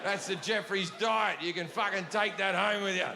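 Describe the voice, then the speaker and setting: A man's voice: sits high, fairly even intonation, normal speed, creaky. A man doing a profane stand-up routine, telling blunt, ranting stories to a live audience. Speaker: stand-up comedian. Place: large venue before a laughing audience. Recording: live show in a reverberant hall with audience noise.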